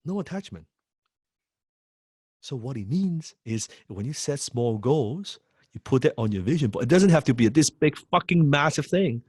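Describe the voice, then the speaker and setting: A man's voice: mid-range voice, expressive, moderate pace, a little mellow, breathy edge, dry recording, studio quality. A man coaching sales students in an emphatic, repetitive way, swearing freely. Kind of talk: lecture to students.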